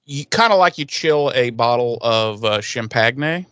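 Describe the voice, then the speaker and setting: A man's voice: medium pitch, expressive, unhurried, a bit bright, clean tone, dry recording, dull audio. A man co-hosting a casual podcast, joking and rambling with lots of fillers. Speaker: podcast co-host.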